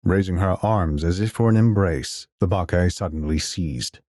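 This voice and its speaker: A man narrating a science fiction audio drama in the first person, in a steady, measured storytelling manner. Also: deep voice, dry recording, clean studio sound.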